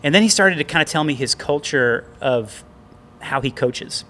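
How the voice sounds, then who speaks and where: A man co-hosts a casual talk show, recorded indoors in a gym, and tells a rambling, self-deprecating story full of restarts. His voice sits on the high side and sounds bright and forceful. He is animated and speaks at a moderate pace.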